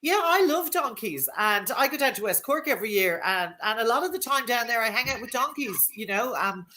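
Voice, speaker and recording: A woman's voice: on the high side, expressive, a little fast, a little hiss or hum. An Irish woman hosting a podcast, chatting casually and laughing often. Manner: chatty and laughing, shouts when acting things out. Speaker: podcast host. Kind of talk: casual chat.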